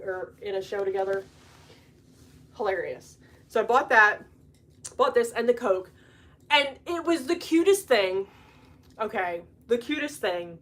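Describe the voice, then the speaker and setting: A young adult woman hosting a podcast, chatting casually and telling stories in an animated way, laughing often. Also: medium pitch. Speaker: podcast host. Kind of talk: casual chat.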